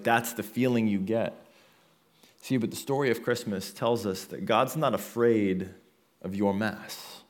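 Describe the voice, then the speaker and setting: Male pastor, lowish voice, earnest sermon delivery that builds through repetition. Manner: earnest, building in intensity with repeated phrases.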